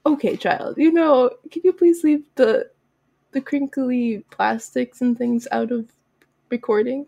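A young woman co-hosts a podcast in a playful, casual chat and laughs easily. Her voice is high. The sound is close and dry. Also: fairly even intonation, measured pace, gravelly, warm tone, no echo. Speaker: podcast co-host.

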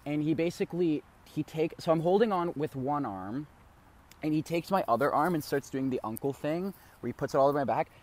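A man's voice: on the high side, animated, a little fast. A man casually telling a long story on a podcast, rambling with many fillers and swearing freely. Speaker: podcast co-host.

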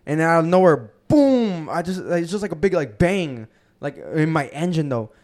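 A young man hosting a podcast, telling a profane, animated story and acting out the quotes in casual chat. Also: a little high, moderate pace. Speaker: podcast host.

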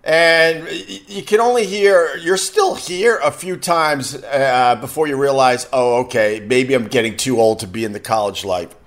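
A man's voice: mid-range voice, moderate pace, hardly any pauses. A middle-aged man from Long Island with a Long Island accent, a radio host telling stories in a rambling, self-deprecating, chatty way. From Long Island, New York. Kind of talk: casual on-air storytelling.

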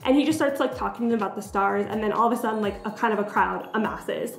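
A woman's voice: mid-range voice, fast, vocal fry. A young woman co-hosting a podcast, recapping a game route in casual chat full of fillers, laughing often. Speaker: podcast co-host. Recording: roomy echo, faint music bed.

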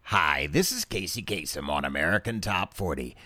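A man doing a smooth, deep-voiced radio countdown host. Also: lively intonation, normal speed, bright, forceful tone, no echo, heavily acted.

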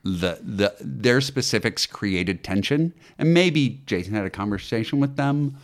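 A man who acts and teaches acting, telling stories in an interview with animated delivery and frequent fillers and restarts. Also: lowish voice, a little slow. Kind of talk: conversational interview storytelling.

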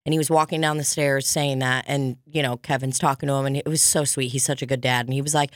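A woman's voice: very deep voice, steady tone, fast talker, hardly any pauses, dry recording, studio quality. A woman co-hosting a casual comedy podcast, laughing often, swearing and acting out quotes. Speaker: podcast co-host.

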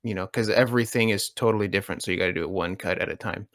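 A man's voice: fairly low pitch, racing, fairly bright tone, no echo. A man co-hosting a casual podcast chat, dry and matter-of-fact. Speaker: podcast co-host.

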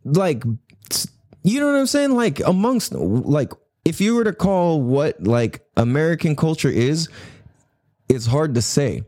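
A man talks in a loose, rambling monologue, cursing freely and laughing between thoughts. His voice sits a little high and swings widely in pitch, and the sound is dry and close. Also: big pitch swings, mellow, no echo. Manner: rambling, profane, laughing, slips into quick impressions. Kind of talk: casual monologue.

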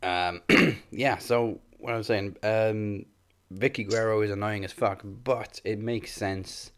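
A man co-hosting a casual wrestling podcast, making dry, unhurried remarks. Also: on the low side, steady tone, fairly bright tone. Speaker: podcast co-host.

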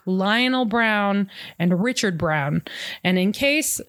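A woman's voice: lowish voice, no room sound. A woman co-hosting a podcast, recapping a TV series in a rambling, playful, jokey way. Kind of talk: casual recap chat.

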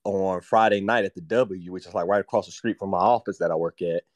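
A man co-hosting a podcast, chatting casually and laughing often as he tells a story in relaxed slang. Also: low-pitched, brisk, no room sound. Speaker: podcast co-host. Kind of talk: casual chat.

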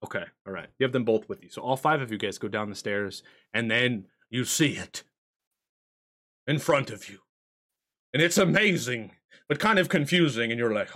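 A man narrating as game master of a streamed tabletop game, animated and swearing casually. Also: medium pitch, brisk.

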